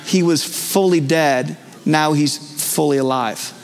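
A man's voice: fairly high pitch, slow. A male pastor preaching a live sermon in a church, earnest and conversational with frequent fillers and restarts. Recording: long church hall reverb.

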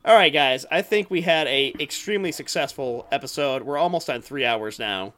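A man's voice: medium pitch, moderate pace, a bit bright. A man hosting a casual podcast with friends, swearing freely and laughing so hard he is out of breath. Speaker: podcast host. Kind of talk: casual chat.

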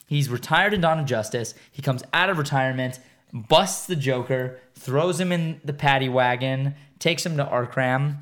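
Raspy man rambling through silly retellings. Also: fairly high pitch, normal speed, fairly bright tone. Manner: rambling, joking, retelling scenes in silly voices. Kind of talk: casual chat.

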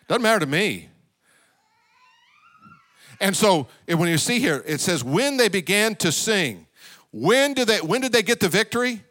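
A man preaching a sermon as pastor of a church. He swings between loud, high exclamations and low, quiet asides.

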